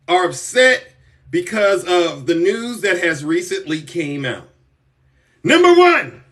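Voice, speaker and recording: Male streamer host, showy and boastful, high bright voice, sits a bit back from the mic. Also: far from the mic. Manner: boastful, theatrical, rising to shouts. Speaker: political commentary streamer. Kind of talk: live-stream political commentary.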